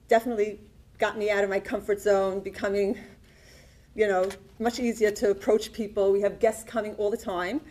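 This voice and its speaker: A woman giving a personal testimony at a conference, telling her story in an earnest, animated way. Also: medium pitch, moderate pace. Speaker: conference speaker. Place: conference hall.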